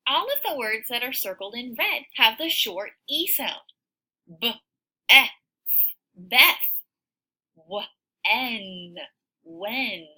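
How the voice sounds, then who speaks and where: A woman teaching a phonics lesson to young children, sounding out words slowly and cheering her listeners on. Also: a little high, breathy edge, rough recording. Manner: slow, sounds out words, animated encouraging teacher voice.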